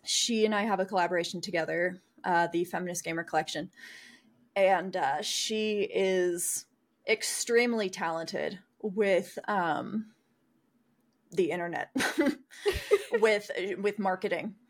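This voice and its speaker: A woman's voice: lowish voice, a little slow. A young adult woman chatting as a podcast guest, bubbly and self-deprecating, often laughing. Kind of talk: casual chat.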